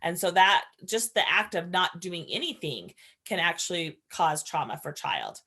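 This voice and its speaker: A woman's voice: on the low side, expressive, moderate pace, bright, forceful tone, slightly rough. A woman giving an earnest, conversational training lecture as a foster parent trainer, explaining ideas and sharing stories from her own home.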